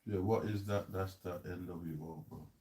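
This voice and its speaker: A man's voice: sits low, fairly even intonation, moderate pace, warm tone. A man hosting a loose, laughing chat about scripture, in casual street slang. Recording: roomy echo.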